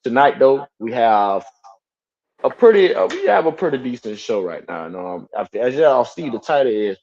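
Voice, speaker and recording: A man's voice: mid-range voice, big pitch swings, normal speed, a little mellow, lo-fi sound. A man hosting a casual live-stream talk show in a laid-back way, repeating his phrases. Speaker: podcast host.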